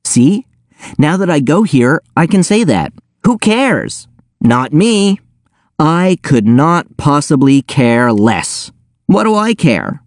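Guy putting on a cocky teen genius in a storybook, breezy and chirpy, pitch bouncing way up. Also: big pitch swings, normal speed, darkish tone, dry recording, clean studio sound, close to an everyday voice. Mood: gleeful. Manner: breezy, upbeat and matter-of-fact. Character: cheerful, smug teenage boy genius.

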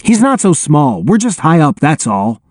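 A man voicing Sanderson, a sharp-tongued teenage boy who teases in a sarcastic, needling way. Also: on the high side, wildly swooping pitch, moderate pace, dry recording, studio quality. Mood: dry.

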